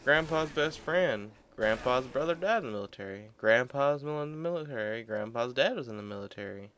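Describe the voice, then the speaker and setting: Smooth-voiced young man rambling over gameplay. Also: mid-range voice, lively intonation, fast talker, a bit bright. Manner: rambling, offhand and joking. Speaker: gameplay commentator. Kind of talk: casual gaming commentary.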